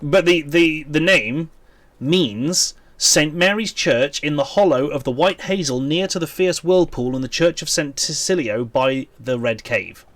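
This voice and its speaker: A Welsh-accented man chats casually with his viewers while streaming a game, rambling and thinking out loud. His voice is a little high with a fairly bright tone, and he speaks unhurriedly in a recording with no echo.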